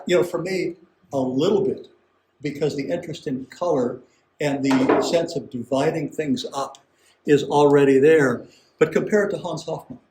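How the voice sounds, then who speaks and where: A man with a slightly high but mellow voice gives a relaxed art lecture. He talks in a chatty way, slips in asides and asks the audience questions. The sound is roomy, with the echo of a museum gallery.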